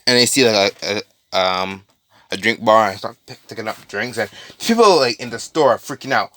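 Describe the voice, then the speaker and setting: A man's voice: fairly low pitch, animated, normal speed, bright, forceful tone. A man casually improvising a made-up story, rambling with many restarts and asides.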